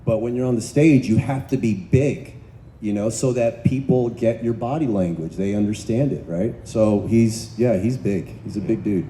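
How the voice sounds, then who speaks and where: A man on a convention panel telling animated stories, stumbling and restarting, and acting out quoted voices. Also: on the low side, normal speed. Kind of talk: casual panel storytelling. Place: convention hall panel stage. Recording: echoey convention hall, faint noise.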